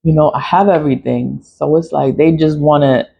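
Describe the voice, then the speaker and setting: Early morning at home in the city, a vlogger around forty recounts her story bluntly, swearing and laughing casually. Her low, warm voice holds a steady tone at normal speed with some vocal fry, over a dull lo-fi recording with a little hiss or hum.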